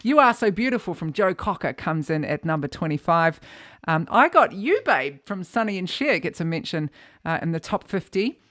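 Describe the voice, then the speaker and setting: A woman's voice: on the low side, big pitch swings, normal speed, fairly bright tone. A woman with a New Zealand accent hosting a music livestream, chatting casually between songs with plenty of ums and uhs. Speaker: music show host. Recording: faint guitar music behind.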